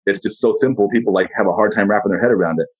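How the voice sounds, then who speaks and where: A man as a podcast guest in casual motivational talk, blunt and profane, telling animated stories. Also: on the low side, racing, slightly rough, muffled recording.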